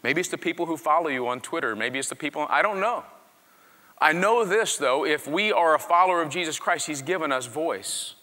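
Animated man preaching in a hall. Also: fairly high pitch, a little fast. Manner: animated, swings from quiet to shouting. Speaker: pastor. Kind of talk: sermon.

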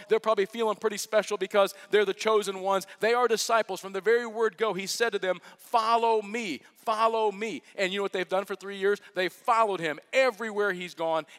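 A man with a high voice preaches to his church in a casual, joking way. He slows right down to stress his key phrases. The sound carries a long echo from a large hall. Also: a bit bright. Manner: casual, joking storytelling with slow emphatic phrases. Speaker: pastor. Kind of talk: sermon.

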